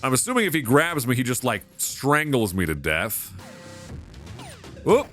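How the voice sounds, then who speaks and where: A man giving casual, excitable gameplay commentary, swearing and laughing as he plays. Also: medium pitch, measured pace, soft background music. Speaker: let's play host.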